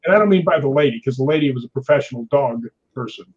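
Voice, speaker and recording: A man, a guest on a chat show, telling an animated story and tagging his sentences with "right?". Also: medium pitch, fast talker, slightly rough, muffled recording.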